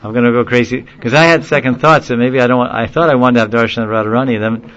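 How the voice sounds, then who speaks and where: A man telling a long story in a casual, rambling way, often laughing and getting animated when he quotes people. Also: medium pitch, rapid-fire, highs cut off. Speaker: speaker recounting a story in a class. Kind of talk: informal storytelling talk.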